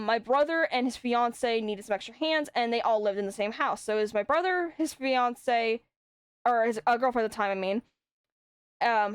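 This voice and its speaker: A woman's voice: a little high, clear, resonant tone, no room sound, studio quality. A young adult woman streaming, chatting casually and telling rambling stories with frequent swearing. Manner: swears often, rambling storytelling. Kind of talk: casual chat.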